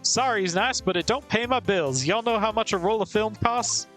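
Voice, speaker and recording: A man voices a brash Southern woman photographer from a video game, all exaggerated drawl and bossy folk sayings. The voice sits higher than a typical man's, and faint game music runs underneath. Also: moderate pace. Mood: scolding. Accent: put-on American Southern drawl. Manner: loud drawling twang, bossy and folksy.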